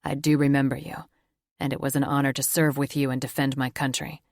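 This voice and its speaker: A woman's voice: a bass voice, little pitch movement, a little fast, gravelly, no room sound, clean studio sound, pitched below the performer's own voice. A woman reading an audiobook, voicing a loyal, solemn male soldier who speaks firmly and earnestly.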